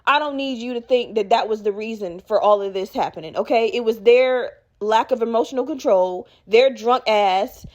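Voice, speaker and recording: A woman hosting her own podcast, telling a story in a profane, animated way and laughing as she talks. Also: a little high, normal speed, few pauses, highs cut off. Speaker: podcast host.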